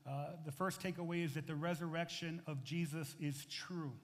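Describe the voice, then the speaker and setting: A middle-aged male pastor from the United States delivering a sermon in an animated, conversational way. His voice sits high for a man and carries a long reverb tail through the church hall. He throws questions at the congregation and drops into quieter asides between bursts of emphasis. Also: normal speed. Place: church sanctuary.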